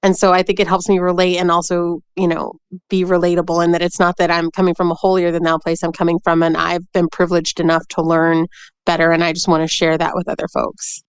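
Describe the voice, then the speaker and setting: A woman's voice: on the low side, monotone, fast talker, clean tone, no room sound. A woman in her forties speaking as a podcast guest, explaining things with assurance and dry humor. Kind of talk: casual interview talk.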